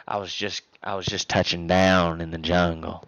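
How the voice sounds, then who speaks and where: A man's voice: low-pitched, level tone, moderate pace, few pauses, fairly bright tone, dull audio, faint music behind. A man in his twenties streaming live, chatting playfully and thanking viewers by name. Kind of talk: casual stream chat.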